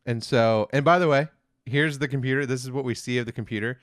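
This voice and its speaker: A man's voice: medium pitch, quick pace, dry recording, clean studio sound. A man co-hosting a review podcast, casually retelling an episode's plot in a rambling way with lots of fillers. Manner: rambling, many fillers, quotes characters flatly.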